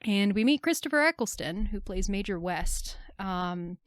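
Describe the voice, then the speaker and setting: A woman's voice: mid-range voice, animated, dry recording. Wry woman recapping a film, dry close mic. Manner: wry, laughs often, slows down to narrate scenes. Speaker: podcast co-host. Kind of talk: casual film podcast chat, recapping a film.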